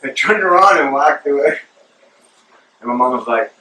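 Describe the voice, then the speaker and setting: Host, male, rambling casual storyteller with a bright, forceful voice, recorded distant from the mic in a roomy space. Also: medium pitch, lively intonation, moderate pace, slight background noise. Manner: rambling, filler-heavy, calls listener bro. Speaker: show host.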